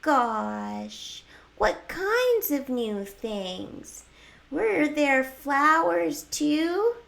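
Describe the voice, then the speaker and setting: A woman voicing a bashful, sweet young male skunk during a game livestream, asking gentle wondering questions. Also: sits high, lively intonation, extremely slow, creaky, voice pushed up, exaggerated voice. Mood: curious.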